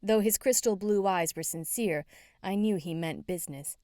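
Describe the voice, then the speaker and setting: A woman's voice: medium pitch, normal speed, mellow, dry recording, studio quality. A woman narrating a cozy first-person story in a wry, chatty way. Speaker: audiobook narrator.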